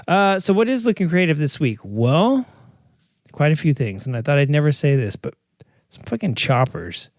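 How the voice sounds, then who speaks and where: The middle-aged man hosting this podcast has a higher, sing-song, slightly mellow voice and talks at normal speed. His casual, rambling monologue is joking and self-mocking, packed with fillers and restarts, and the studio-quality recording is dry.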